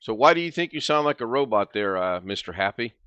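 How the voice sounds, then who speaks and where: Guy hosting a zoom hangout stream, lowish voice, dry close sound, kinda rambly and relaxed. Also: a little fast, smooth, dry recording, highs cut off. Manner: easygoing, rambling, thinks aloud. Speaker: host. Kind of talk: casual chat on a video call livestream.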